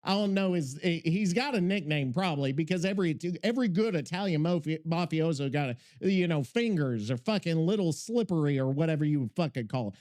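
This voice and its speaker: A man hosting a podcast, talking in an excitable, rambling, profane way. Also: a little high, fairly quick, hardly any pauses. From Missouri. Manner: excitable, rambling, heavy swearing. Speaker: podcast host. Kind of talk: casual podcast chat.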